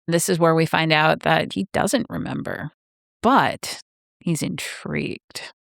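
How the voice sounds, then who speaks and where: A woman's voice: low voice, unhurried, creaky, no echo. A woman co-hosting a podcast, recapping a plot in laid-back, dry chat. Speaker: podcast co-host. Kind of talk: casual book-club chat, recapping a plot.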